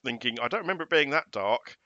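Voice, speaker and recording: A man's voice: mid-range voice, expressive, fast talker, sharp tone, lo-fi sound, a little hiss or hum. A middle-aged man from England chatting casually as a podcast co-host, often tagging his remarks with questions. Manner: chatty, asks tag questions. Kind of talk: casual chat.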